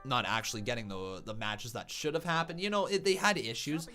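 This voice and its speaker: A man hosting a live wrestling watch-along stream. He reacts loudly to the action and chats with viewers in between. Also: medium pitch, fairly quick, soft background music. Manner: excitable, bursts into shouting calls; chatty, thanks viewers from live chat.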